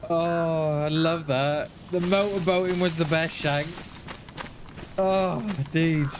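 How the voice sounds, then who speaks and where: A man's voice: on the high side, noisy background. Chatty man streaming a game. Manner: laughing, chatty, addresses chat as mate. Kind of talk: live gameplay stream chat.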